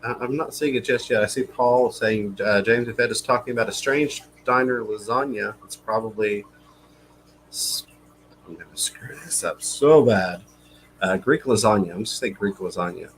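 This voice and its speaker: Low-voiced relaxed man chatting on a livestream. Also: moderate pace, slight background noise, low-quality recording. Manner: relaxed, reads viewer comments aloud, many fillers. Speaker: livestream co-host. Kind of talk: casual live-stream chat.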